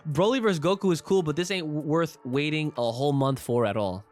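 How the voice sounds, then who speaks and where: Animated young man co-hosting a podcast. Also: a little high, a little fast, hardly any pauses, faint music behind. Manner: animated, swearing, laughing often, reads listener comments. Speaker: podcast co-host. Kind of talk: casual podcast chat.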